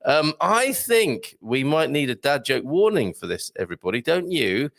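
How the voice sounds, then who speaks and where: A man hosts a live online morning show in casual chat, reading out viewer comments with jokes and puns. His voice is gravelly and swoops lively up and down. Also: fairly high pitch, normal speed, no echo, studio quality. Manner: jokey and playful, laughs often, puns and put-on voices.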